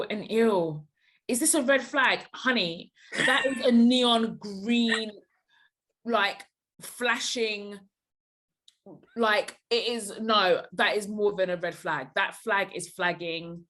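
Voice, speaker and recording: A young woman as a podcast guest, giving blunt, emphatic advice in a casual chat. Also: medium pitch. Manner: emphatic, blunt, animated reactions.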